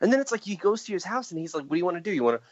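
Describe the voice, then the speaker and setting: Male podcast co-host, chatty, expressive, lots of laughs. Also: high-pitched, racing, highs cut off. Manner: animated, laughs often, acts out quotes. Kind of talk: casual chat about comics.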